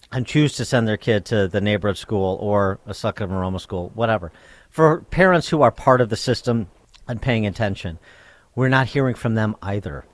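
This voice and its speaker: A man hosting a talk radio show, arguing a point with halting restarts that build into pointed questions. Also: lowish voice, dry recording. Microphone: studio microphone.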